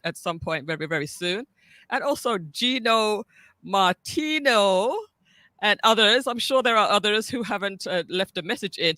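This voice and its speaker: A woman's voice: mid-range voice, pushed and bright, no room sound. A woman hosting a live-stream interview, effusive and welcoming, often repeating her words as she speaks. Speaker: host.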